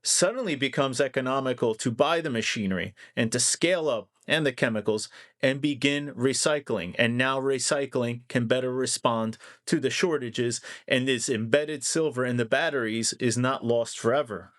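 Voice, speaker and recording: A man's voice: medium pitch, moderate pace, a bit bright. A man giving casual vlog commentary on finance, conversational and rambling, often correcting himself mid-sentence.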